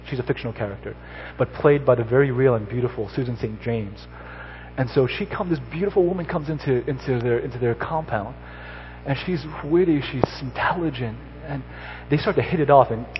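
A man giving a sermon, telling a story and then exhorting his listeners with rising emphasis. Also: medium pitch. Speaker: pastor. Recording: slightly dull recording with faint noise.

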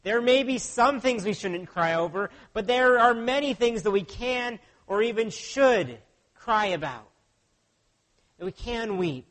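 A man with a notably high voice delivers a sermon as a pastor. He speaks earnestly and keeps turning to his listeners with rhetorical questions. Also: expressive, a little slow, fairly bright tone.

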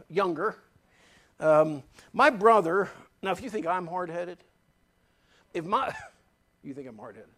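A man preaching a sermon as pastor, emphatic and folksy, repeating key phrases and telling stories from his own life. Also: high-pitched. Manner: folksy, tells personal anecdotes.

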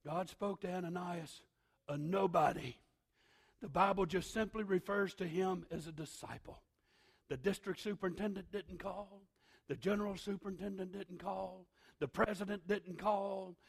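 A male pastor preaching a sermon, emphatic, swinging from shouted lines to hushed asides. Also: high-pitched, fairly even intonation, moderate pace, creaky, breathy edge.

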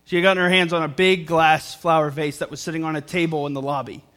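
A man's voice: fairly high pitch, flat delivery, fast talker, fairly bright tone. A young man preaching a sermon to a congregation in church, earnest and repeating phrases for emphasis. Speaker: pastor. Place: church service before a congregation.

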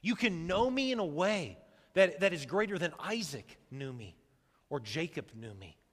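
A man preaching a sermon as a pastor, swinging from loud calls to hushed, low lines. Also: very animated, moderate pace, slightly rough, big-room sound. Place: church sanctuary.

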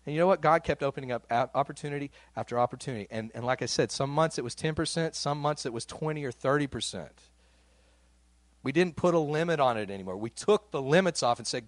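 Animated conversational male pastor. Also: medium pitch, fast talker, no room sound. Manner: conversational, animated, with frequent repeated words and laughs. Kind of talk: sermon.

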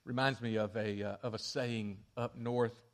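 A man preaching a sermon, telling the story with lively shifts in volume and acting out quoted lines. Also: on the low side, normal speed. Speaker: pastor.

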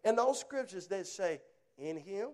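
Man, preacher, sermon, high-pitched, emphatic, storytelling. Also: animated, unhurried, darkish tone. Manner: emphatic, punchy short phrases; folksy storytelling, rhetorical questions.

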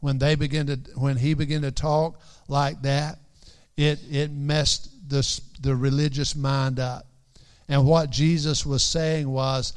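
Slow, smooth-voiced male preacher. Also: mid-range voice, flat delivery. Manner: earnest, repeats phrases for emphasis; quotes scripture in King James wording. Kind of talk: sermon.

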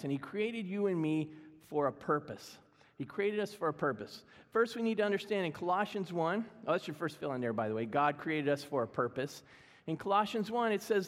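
A middle-aged man preaching a sermon as pastor, conversational, humorous and self-deprecating. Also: high voice. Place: church sanctuary. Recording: long reverb of a church hall.

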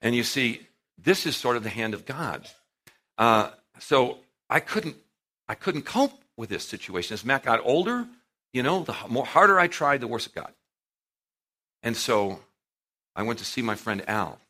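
A man in his fifties preaching to a congregation, his voice very bright with a lively, swooping pitch. He tells personal stories with sudden jumps in volume. He acts out the quotes along the way. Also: normal speed, long pauses. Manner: animated storytelling, acting out quotes with big swings in loudness. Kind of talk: sermon.

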